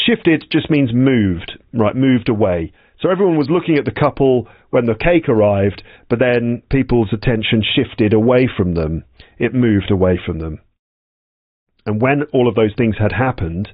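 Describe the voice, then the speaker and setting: A man teaching English, explaining the words of a story slowly and patiently, repeating them as he goes. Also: mid-range voice, expressive, no room sound, lo-fi sound. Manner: slow, patient explanations with repetition.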